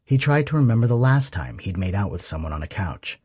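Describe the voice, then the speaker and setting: Give me a man reading an audiobook softly and intimately, with a husky, deep voice. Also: big pitch swings, fairly quick, few pauses, no room sound, studio quality. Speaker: audiobook narrator. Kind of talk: scripted narration.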